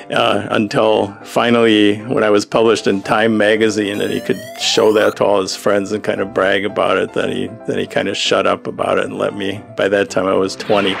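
A man's voice: lowish voice, creaky. An older man, a political cartoonist, telling stories about his career in a wry, reflective monologue, chuckling between remarks, recorded outdoors among trees.

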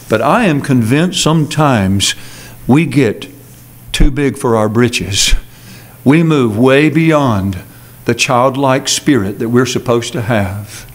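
A man preaching an earnest, emphatic sermon with dramatic pauses, as pastor in a church sanctuary. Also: medium pitch.

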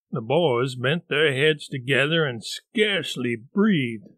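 A man narrating a classic novel in a measured, deliberate storytelling manner. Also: medium pitch, animated, fairly bright tone, no room sound. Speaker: audiobook narrator. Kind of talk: audiobook narration.

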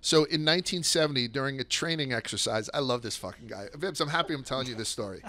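A man hosting a podcast, telling stories in a casual, profane, excitable way that sometimes rushes and stumbles over his words. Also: mid-range voice. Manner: rushes and restarts when excited. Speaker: podcast host. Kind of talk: casual storytelling chat.

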